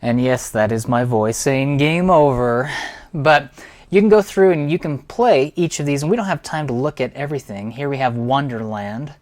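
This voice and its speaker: A man's voice: mid-range voice, expressive, normal speed, a little mellow. A middle-aged man, a piano teacher, walks through a series of beginner pieces in an enthusiastic, explanatory way. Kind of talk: instructional walkthrough.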